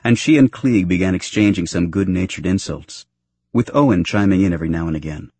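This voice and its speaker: A man narrating a novel aloud in an expressive storytelling way. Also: deep voice, brisk, husky. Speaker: audiobook narrator. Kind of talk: scripted narration.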